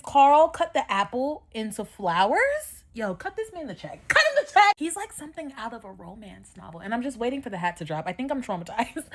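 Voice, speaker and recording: A woman giving a chatty, opinionated recap of a reality show, her voice sitting a little high. She talks in a sassy, animated way, swears freely and laughs often. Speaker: recap vlogger.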